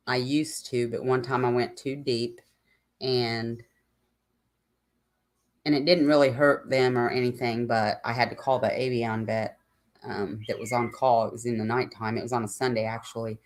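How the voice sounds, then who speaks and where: A host chatting casually on a livestream, drifting from one aside to the next. The talk is loose and rambling, full of ums and self-corrections, with a medium pitch that sits in the middle of the range. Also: fairly even intonation, moderate pace. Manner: rambling, chatty, many fillers. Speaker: channel host.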